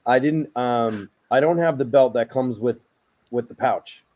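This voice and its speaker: A man's voice: mid-range voice, unhurried, warm tone. A man co-hosting a podcast, reading listener stories aloud in casual, dry chat. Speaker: podcast co-host.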